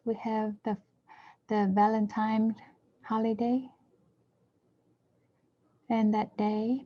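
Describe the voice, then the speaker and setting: A woman interpreting a dharma talk, speaking in measured short phrases and now and then correcting herself mid-word. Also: on the high side. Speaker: interpreter for a Buddhist teacher. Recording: dull lo-fi recording.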